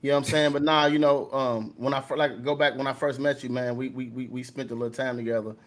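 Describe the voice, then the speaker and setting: A man co-hosting a casual chat show, animated and slangy as he hypes up the guest. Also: medium pitch, fast, over a noisy crowd. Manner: animated, hyping others up, slangy.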